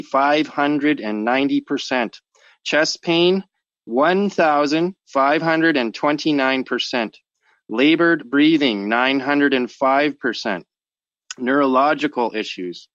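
A man's voice: medium pitch, slow, a bit bright, dry recording. A man hosting an online talk show, reading figures and speaking hesitantly with many fillers. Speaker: show host. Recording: dry dull lo-fi audio.

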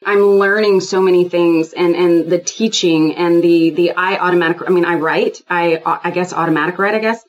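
A woman guest in a casual spiritual chat, rambling and animated, often acting out quoted dialogue. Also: lowish voice, normal speed, hardly any pauses, dull audio.

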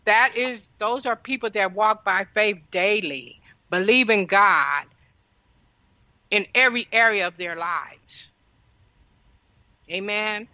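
A woman's voice: mid-range voice, slow, pauses often, bright, forceful tone, no room sound, muffled recording. A woman hosting a faith program, preaching fervently and calling out "Amen" often. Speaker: prophetess, host of a faith program. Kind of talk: sermon-style preaching.

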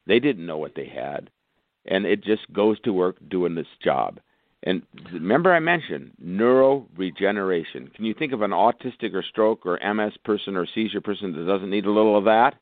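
A man, a doctor, speaking as a guest in a radio interview, rambling through long lists with sudden jumps in pitch. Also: expressive, normal speed, no echo. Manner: rambling, lists conditions, bursts of higher pitch. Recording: phone-like narrow band, dry.

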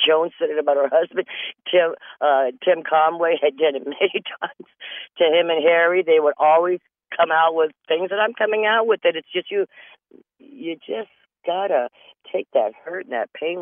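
A man rambles through a comic monologue, chatty and laughing at his own jokes. His voice sits a little high with a gravelly edge. He comes through a tinny phone line from a dry, cramped closet. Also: moderate pace, no room sound. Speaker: comedy show host.

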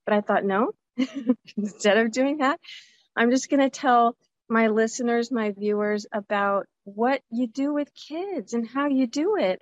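A woman's voice: a little high, no room sound. Chatty woman host, dry lo-fi sound. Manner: candid, animated, jumps into voices of remembered people. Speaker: podcast host. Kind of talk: casual personal monologue. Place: outdoors at a zoo by a lake.

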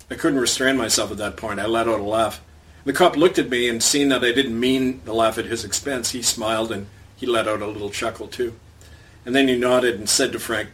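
A man's voice: mid-range voice, a little fast, a bit bright, distant mic. A man hosting his own program, reading a commentary column aloud in a sardonic storytelling manner. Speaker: commentator and host.

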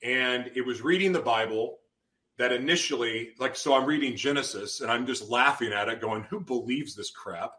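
Bright-voiced man telling his story. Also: medium pitch, normal speed. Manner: intense, storytelling, acts out his own past outbursts. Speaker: podcast guest. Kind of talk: emotional personal testimony.

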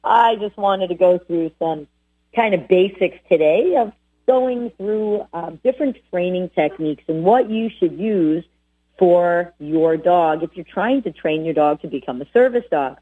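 A woman hosting a radio show about dog training, coaching listeners in a lively, direct way. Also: fairly low pitch, measured pace, slightly rough. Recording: tinny phone-like sound.

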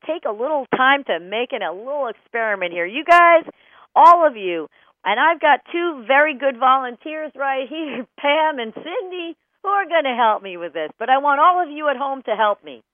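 A woman's voice: high voice, moderate pace, dry recording, phone-quality sound. A woman hosting a radio talk show from a broadcast studio, giving dog training advice in an emphatic way and speaking straight to the listeners. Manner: animated, emphatic, addresses listeners directly.

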